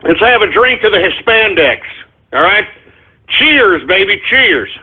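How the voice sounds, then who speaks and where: A loud, boastful man rants into the mic on a call-in radio show. His voice sits unusually high and sounds husky. The audio is tinny and phone-like, with faint music underneath. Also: very animated, unhurried. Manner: loud, boastful, shouting and cackling. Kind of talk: brash call-in radio rant.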